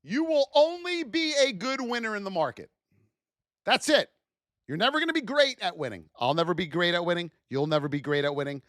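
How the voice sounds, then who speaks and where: High-pitched animated male trading instructor. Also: brisk, no echo, studio quality. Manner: animated, acts out traders' self-talk, addresses chat. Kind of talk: live-streamed trading class.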